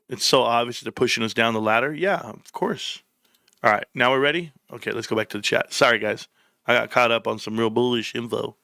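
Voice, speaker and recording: A man's voice: mid-range voice, fairly quick, gravelly, sharp tone, dry recording, studio quality. A man hosting a live stream, reading viewer comments and joking around in loose, profane banter.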